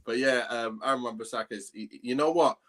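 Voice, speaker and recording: A man's voice: medium pitch, a little fast, a crowd in the background. A man co-hosting a casual football chat, earnest and talking in long runs. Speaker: podcast co-host.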